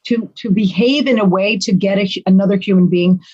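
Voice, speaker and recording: Animated, dramatic woman guest. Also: mid-range voice, fairly quick, highs cut off. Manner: animated, dramatic, acts out quotes. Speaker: podcast guest. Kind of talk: casual podcast conversation.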